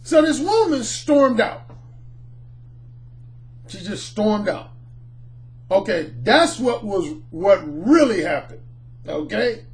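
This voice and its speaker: A middle-aged man, a dating coach, telling a personal anecdote in an animated, storytelling way. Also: high-pitched, slow pace, pauses often. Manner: animated, acts out the people in his anecdotes. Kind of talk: storytelling monologue.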